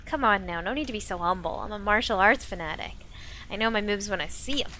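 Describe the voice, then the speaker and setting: A woman's voice: medium pitch, fast, bright, forceful tone, slight background noise, natural voice. A woman voicing a polite, eager male shop clerk as she reads a game aloud on a live stream. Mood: friendly. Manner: courteous and eager. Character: polite friendly male shop clerk, a martial arts fan. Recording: music playing underneath.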